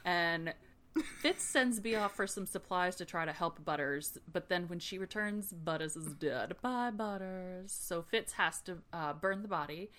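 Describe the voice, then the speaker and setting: A young woman hosting a casual book recap, sarcastic, profane and animated. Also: on the low side, measured pace. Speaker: podcast host.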